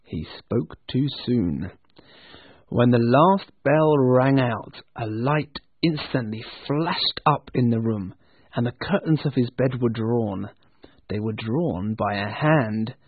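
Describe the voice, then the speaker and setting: Slow, husky male storyteller. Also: medium pitch, lively intonation, dry recording. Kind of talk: storybook narration. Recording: tinny phone-like dry sound.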